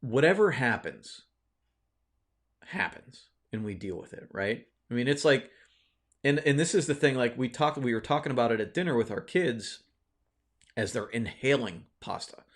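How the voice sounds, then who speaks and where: A man's voice: mid-range voice, animated, moderate pace. A man hosting his own video, telling a personal story in a casual, rambling way, with many fillers and restarts, often checking in with "right?". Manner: reflective, encouraging. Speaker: video host.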